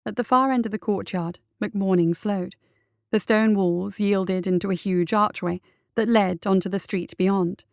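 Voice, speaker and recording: Female story reader, smooth and steady, dry close-miked narration. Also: mid-range voice, measured pace, no room sound. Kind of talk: audiobook narration of fiction.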